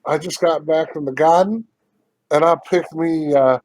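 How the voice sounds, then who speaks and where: A man's voice: on the high side, a little slow, darkish tone, no echo. A man co-hosting a podcast, talking over a video call, laid-back, rambling and swearing casually. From United States. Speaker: podcast co-host. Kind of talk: casual chat.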